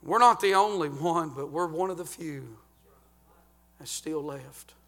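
A man preaching a sermon as pastor, swinging from sung, shouted climaxes down to low, hushed warnings. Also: measured pace. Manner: fervent preaching, rising to chanted shouts then dropping low.

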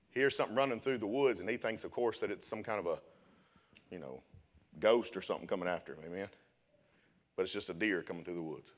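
A young man with a fairly low voice preaches a sermon, opening with a story before building up to loud, shouted preaching.

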